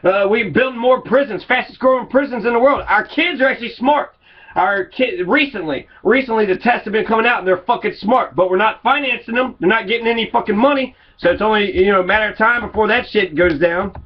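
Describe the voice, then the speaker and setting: Furious swearing man, high voice. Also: brisk, lo-fi sound. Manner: angry, swearing, repetitive. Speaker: political commentator. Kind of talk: profane political rant.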